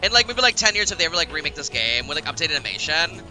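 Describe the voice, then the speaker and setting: A young streamer reacting to a story game with a very bright, sharp voice that rises and falls a lot. The talk is loose and chatty, packed with "like" and quick laughs. Soft game music plays underneath. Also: medium pitch, sing-song. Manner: chatty, laughs often, heavy use of "like". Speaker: gaming streamer. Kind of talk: casual let's-play commentary.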